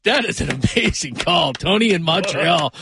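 A man's voice: fairly high pitch, lively intonation, normal speed, creaky, background noise. A man hosting a sports talk radio show, reacting enthusiastically to a caller. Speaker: radio host. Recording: studio with music behind. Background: music.

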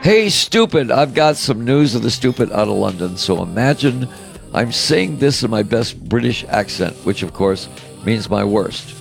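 Gravelly wisecracking male radio host. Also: medium pitch, big pitch swings, moderate pace, over music. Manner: wisecracking, mocking. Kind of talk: comedic radio talk segment.

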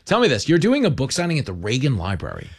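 A man's voice: mid-range voice, huge pitch swings, quick pace, creaky, breathy edge, dry recording, clean studio sound. A man hosting a casual interview, reacting with enthusiasm. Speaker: interview host.

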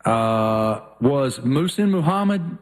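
A man's voice: mid-range voice, expressive, slow. A man with a Southern American accent co-hosting a sports talk show in folksy, enthusiastic casual chat. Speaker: sports radio co-host.

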